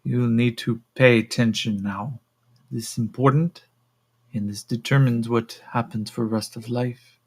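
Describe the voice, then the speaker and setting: A man's voice: mid-range voice, steady tone, unhurried, slightly rough. A man voicing a curt, commanding alien slaver woman with a Russian accent in a tabletop game. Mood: stern.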